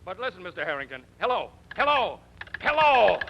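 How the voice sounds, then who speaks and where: A man's voice: sits high, expressive, brisk, lo-fi sound. An actor playing a flustered middle-aged father in a 1940s radio drama, laying down the law. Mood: flustered, firm. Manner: flustered then firm. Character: harried middle-aged father who turns bossy.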